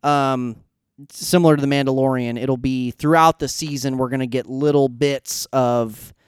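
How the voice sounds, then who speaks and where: A man chatting on a podcast in a very clean, resonant voice, recorded close and dry. He talks casually and with energy, tossing in quick asides and mimicking characters. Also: medium pitch, smooth, dry recording. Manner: animated, quick asides, acts out characters' lines. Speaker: podcast co-host. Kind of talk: casual fan discussion.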